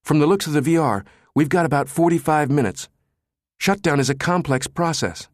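A man voicing a frantic male systems chief who shouts and insists. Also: fairly high pitch, normal speed, no echo, studio quality, voice pushed up, lightly acted. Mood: urgent.

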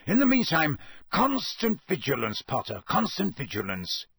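A man voicing a gruff, grizzled old male wizard in an audiobook, slow and growling with a husky voice. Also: fairly high pitch, wildly swooping pitch, a bit bright, dry recording, voice pushed up, exaggerated voice. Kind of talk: audiobook character voice.

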